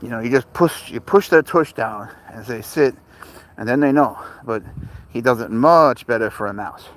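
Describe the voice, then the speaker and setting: A man's voice: mid-range voice, normal speed, slight background noise. A man hosting a casual livestream outdoors in a park. He rambles and answers viewer questions as he walks his cat, talking into a phone.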